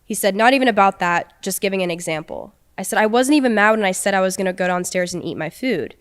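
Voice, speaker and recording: A woman's voice: medium pitch, fast, clean tone. A young woman on a podcast, casually recounting a personal story and quoting what was said. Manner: recounting with quoted dialogue. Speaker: podcast guest.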